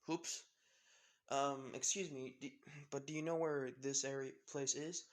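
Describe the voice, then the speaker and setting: A man voicing a curious young woman adventurer in a casual storytelling voice, pitch only a little raised. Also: steady tone, unhurried, natural voice. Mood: polite.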